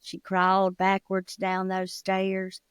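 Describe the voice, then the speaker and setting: A woman's voice: monotone, takes it slowly, smooth, no room sound. Lady in her 50s telling a ghost story, dramatic, dry close audio. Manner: dramatic storytelling, drops pitch for spooky parts. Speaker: co-host, storyteller.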